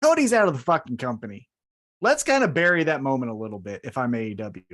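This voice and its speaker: A man co-hosting a wrestling podcast in casual chat, jokey and animated, recapping matches and acting out lines. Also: medium pitch, fast. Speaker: podcast co-host.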